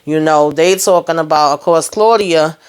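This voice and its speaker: A smooth, low-sitting voice at normal speed belongs to a woman reviewing a TV episode casually and with plenty of slang. She replays the scenes animatedly, performing the quotes herself and laughing often.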